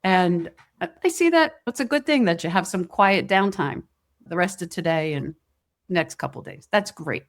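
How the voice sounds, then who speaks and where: A middle-aged woman hosting a podcast, talking straight to the listener in a gentle, coaching way. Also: on the low side, expressive, moderate pace. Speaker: podcast host. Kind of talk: reflective podcast monologue.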